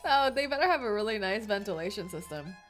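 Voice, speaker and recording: A woman's voice: mid-range voice, quick pace, soft background music. A young woman streaming a story game, reading its text aloud and reacting playfully with frequent laughs and gasps. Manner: excitable and playful, laughs often, gasps and jokes between read lines.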